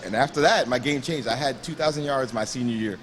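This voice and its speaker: A young man from Grenada with a Grenadian accent, a bodybuilder telling his story in a gym interview, lively and acting out the voices of the people he quotes. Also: mid-range voice, brisk, slight background noise. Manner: animated storyteller who acts out quoted voices and laughs often.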